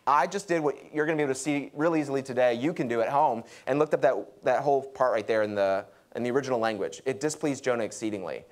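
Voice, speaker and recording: A young adult man preaching a sermon, animated and acting out quotes. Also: fast, few pauses. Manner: lively, acts out quotes with pitch jumps. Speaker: pastor.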